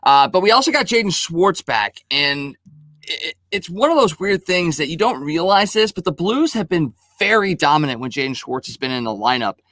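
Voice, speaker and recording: A man co-hosting a casual podcast, talking in a measured, analytical way. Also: a little high, big pitch swings, a bit bright. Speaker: podcast co-host.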